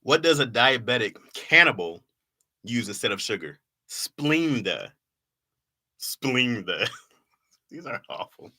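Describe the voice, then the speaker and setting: A man's voice: medium pitch, sing-song, slow, pauses often, pushed and bright. A man reading his old jokes aloud to a live chat in casual talk, laughing at them and mocking himself.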